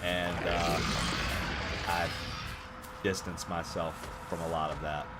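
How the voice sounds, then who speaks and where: A man's voice: low-pitched, level tone, slow pace, heavy background noise. A man streaming a horror game, chatting casually with viewers, rambling and swearing freely. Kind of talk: casual gaming stream chat.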